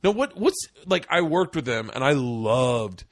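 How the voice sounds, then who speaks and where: A middle-aged man chats on his podcast in a mid-pitched voice, telling rambling stories with profanity and sudden loud outbursts when he quotes people. The sound is dry and close to the mic, with no room behind him. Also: measured pace, no room sound. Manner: profane, animated storyteller, acts out quotes with sudden loud jumps. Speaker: podcast host. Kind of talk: casual podcast chat.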